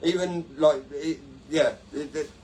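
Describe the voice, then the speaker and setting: A man's voice: fairly high pitch, fairly even intonation, a little slow, darkish tone, a little hiss or hum. A man hosting a casual podcast-style livestream, talking in a rambling, sweary way and laughing at his own stories. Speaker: livestream host.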